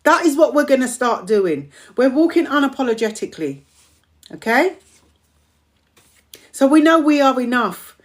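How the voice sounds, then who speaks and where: Woman host, slightly higher voice, emphatic repeated affirmations, strained voice. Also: very animated, normal speed, pauses often. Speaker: community host of a live stream. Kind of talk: motivational live-stream talk.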